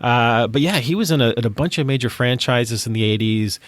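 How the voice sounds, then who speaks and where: A man's voice: mid-range voice, brisk, slight background noise. A middle-aged man co-hosting a podcast in a rambling, casual way, with lots of fillers and laughing at his own jokes. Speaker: podcast co-host.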